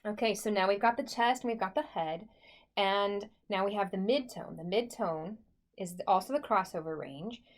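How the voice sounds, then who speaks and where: A woman voice teacher talking through a singing lesson in a chatty, encouraging way, with many likes and okays. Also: mid-range voice.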